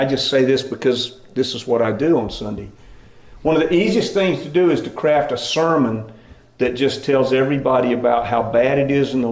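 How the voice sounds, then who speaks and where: Conversational preacher in an echoey church. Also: male voice, medium pitch, darkish tone. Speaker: pastor. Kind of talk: sermon. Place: church sanctuary.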